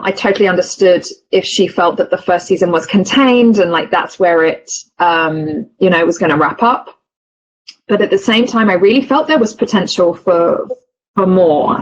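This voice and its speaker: Gushing actress, dull lo-fi sound. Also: female voice, lowish voice. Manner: emotional, gushing, many restarts. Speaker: actress guest. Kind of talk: casual interview chat.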